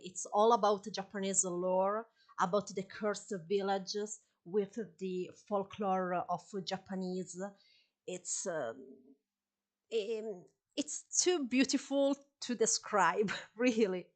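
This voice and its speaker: An unhurried woman with an Italian accent chats her way through a live game stream. She is talkative and laughs easily, and she keeps apologizing for her English. Her voice sits at a middling pitch. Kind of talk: live-stream gameplay chat.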